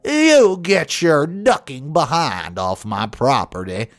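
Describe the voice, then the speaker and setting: A man voicing a crazed, hostile middle-aged woman with a thick, high-pitched Southern accent and a screeching, confrontational manner. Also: big pitch swings, takes it slowly, dry recording, heavily acted. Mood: indignant.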